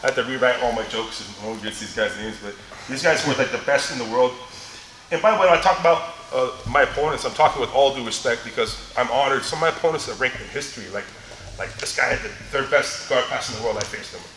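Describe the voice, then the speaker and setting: A man's voice: mid-range voice, fast talker, a bit bright, a little hiss or hum. A middle-aged man teaching a martial arts seminar, telling stories between moves, often laughing. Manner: joking storyteller, laughs often, demonstrates moves. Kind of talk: live teaching seminar with anecdotes. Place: large echoey training gym. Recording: echoey gym with faint ambience.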